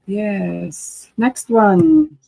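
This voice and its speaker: A woman teaching a language lesson, slowly sounding out syllables and words in casual drills. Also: mid-range voice, lively intonation, creaky, mellow, slightly rough, low-quality recording. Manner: slow, drawn-out syllable drills.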